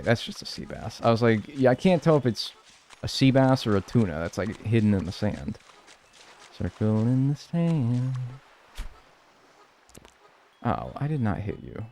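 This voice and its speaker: A man's voice: mid-range voice, very animated, moderate pace, vocal fry, darkish tone, a little hiss or hum. An American man chatting casually on a live stream while playing a game, joking with his chat and swearing freely.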